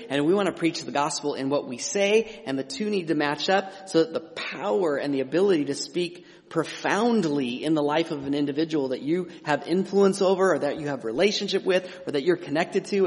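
A middle-aged man preaching a sermon as pastor, conversational and emphatic, with frequent restarts and asides. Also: fairly high pitch. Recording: long hall reverb.

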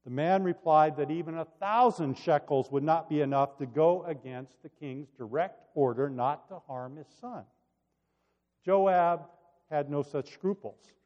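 A man with a slightly raised voice delivers a sermon, reading scripture dramatically and then reflecting in a softer tone. His voice rings with a long reverb, as if in a large hall. The recording has a dull, muffled sound. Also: a little high, a little slow. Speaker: preacher.

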